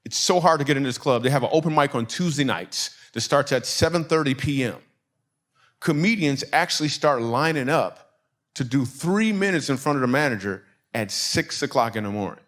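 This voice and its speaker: A man's voice: medium pitch, lively intonation, normal speed, fairly bright tone. A man from Michigan doing a stand-up comedy set, telling a story and acting out the people in it. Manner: storytelling with acted-out quotes and audience laughs.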